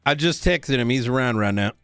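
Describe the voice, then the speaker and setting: A man's voice: mid-range voice, expressive, fairly quick, fairly bright tone, clear, resonant tone, dry recording, clean studio sound, faint music behind. A man playing a lawman in a role-play game, blunt, irritated and heavy on swearing. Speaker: roleplay player as a lawman. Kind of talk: in-character role-play chat.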